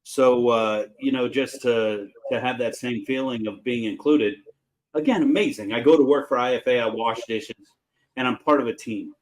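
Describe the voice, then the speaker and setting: Chef host, middle-aged man, mid-pitched, casual storyteller. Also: moderate pace, low-quality recording. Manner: folksy, animated storyteller with fillers.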